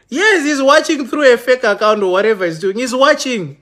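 A man with a notably high voice delivers a heated livestream rant. He sounds accusing and impassioned, and he trips over his words and restarts often as he addresses his viewers. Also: lively intonation, moderate pace, a bit bright. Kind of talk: live-streamed rant to viewers. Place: London.

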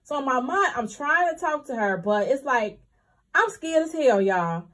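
A woman's voice: high-pitched, expressive, normal speed, fairly bright tone. A young woman, chatting candidly to her viewers about her couponing trip and calling them y'all. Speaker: couponing vlogger. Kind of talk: casual chat to viewers.

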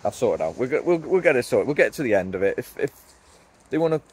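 A man's voice: mid-range voice, big pitch swings, quick pace, darkish tone, breathy edge, poor audio. A man, a woodland owner venting in a vlog, worked up and repeating himself as he talks outdoors. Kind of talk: vlog rant. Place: outdoors in woodland, later driving.

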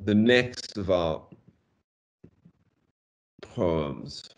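A man with a South African accent giving an online university lecture on poetry, digressive and peppered with "okay?", reading verse slowly with stressed beats. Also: low-pitched, expressive. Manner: digressive, fond of "okay?" and "or whatever". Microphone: video call.

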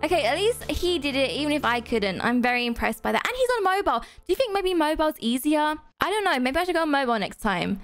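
Excitable high-voiced woman gaming. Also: quick pace, few pauses, soft background music. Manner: excitable, gasping, self-deprecating. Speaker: gaming video host. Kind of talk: gameplay commentary.

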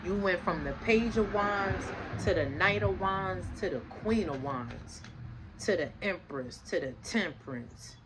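A woman's voice: lowish voice, lively intonation, measured pace, noisy background. A woman giving a casual tarot reading to her viewers, talking emphatically, swearing freely, repeating herself and asking rhetorical questions. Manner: preaching, asks rhetorical questions. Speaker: tarot reader.

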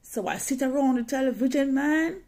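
A woman's voice: high voice, normal speed, dark tone. A woman telling a personal story in a dramatic, emotional way, often repeating phrases.

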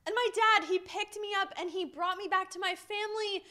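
A young woman giving a children's message, telling stories to kids in an animated, playful way. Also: very high-pitched, moderate pace, few pauses. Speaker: children's minister.

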